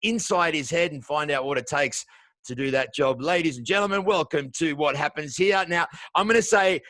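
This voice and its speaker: A man's voice: fairly high pitch, moderate pace, a bit bright, dry recording. An Australian man hosting a podcast interview show, with upbeat, welcoming showman patter. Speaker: show host.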